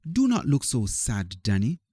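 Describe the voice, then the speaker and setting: A reassuring school principal comforts a pupil in a storybook reading, voiced by a man. He speaks slowly in a warm, mellow voice that rises and falls, recorded in a dry, close space. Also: medium pitch, wildly swooping pitch, husky, no echo, full character voice. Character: encouraging male school principal.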